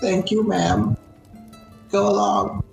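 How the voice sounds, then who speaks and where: Man doing a shrill, fussy very old shopkeeper woman. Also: sing-song, slow pace, gravelly, faint music behind, full character voice. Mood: dismissive.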